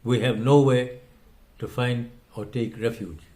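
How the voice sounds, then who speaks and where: A man's voice: medium pitch, steady tone, measured pace, warm tone. Impassioned older man. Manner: impassioned, emphatic. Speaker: host. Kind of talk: opinion commentary monologue.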